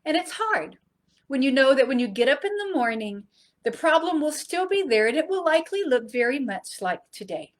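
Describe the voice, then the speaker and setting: A middle-aged woman teaching a Bible study in an earnest preaching style, rising to emphasis and dropping soft and low. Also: sing-song, normal speed.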